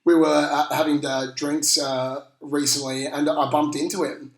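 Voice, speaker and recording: Gravelly Australian guy rambling a story. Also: a little high, little pitch movement, normal speed. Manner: rambling storyteller, slangy and swearing. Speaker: podcast host. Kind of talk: casual chat. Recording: roomy echo.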